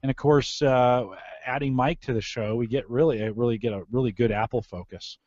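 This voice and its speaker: A man's voice: medium pitch, fairly even intonation, fairly quick, a little mellow, dry recording, lo-fi sound. A man hosting a casual tech podcast, chatty and often correcting himself mid-sentence. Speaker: podcast host.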